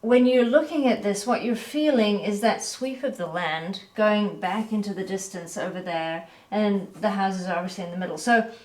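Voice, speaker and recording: A woman giving a relaxed, chatty painting critique as an art teacher, correcting herself as she goes. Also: mid-range voice, moderate pace, hardly any pauses. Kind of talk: painting critique, talking while pointing. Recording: echoey room.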